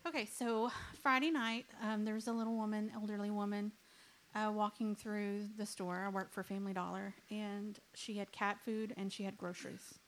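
A woman's voice: medium pitch, little pitch movement, normal speed. A woman in church telling her own story, plainly and earnestly. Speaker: church member giving testimony. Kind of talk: testimony story.

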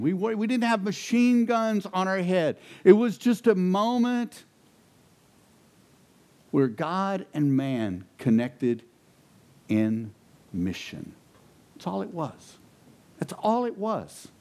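A high-voiced man preaches slowly, telling the congregation a personal story as part of his sermon. The storytelling turns animated and rises to emphatic questions.

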